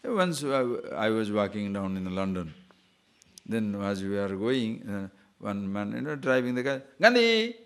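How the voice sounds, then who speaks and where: A man, a spiritual teacher, giving an animated lecture on scripture and acting out little scenes of quoted speech. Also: on the low side, measured pace, smooth. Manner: animated, acts out quoted speech, chuckles at own stories.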